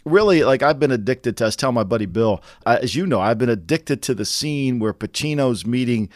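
A man's voice: medium pitch, expressive, a little fast, dry recording. A man with a mid-range voice chatting loosely with his co-host. He rambles, restarts his sentences and swears now and then. The sound is dry and close-miked. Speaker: podcast co-host. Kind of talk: casual sports chat.

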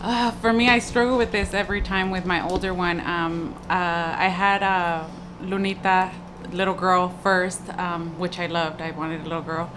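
A woman's voice: on the low side, steady tone, moderate pace, noisy background. A woman, a mother, talking reflectively and laughing often as she acts out quotes. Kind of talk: casual group chat.

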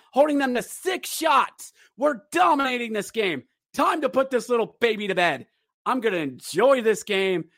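A man hosting a podcast, recapping a hockey game as a fan, excitable and sarcastic, shouting the goal calls. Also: high-pitched, no room sound, studio quality.

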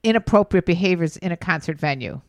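A woman co-hosting a podcast in casual chat, reacting loudly and swearing. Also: lowish voice, animated, quick pace, over music. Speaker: podcast co-host.

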